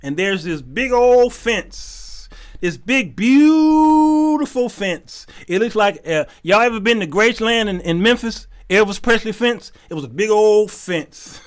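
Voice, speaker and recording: A man hosting his show, telling a comic story, animated and laughing often as he acts out the people in it. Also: high-pitched, unhurried. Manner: animated, laughing often, acting out quoted voices. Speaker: show host.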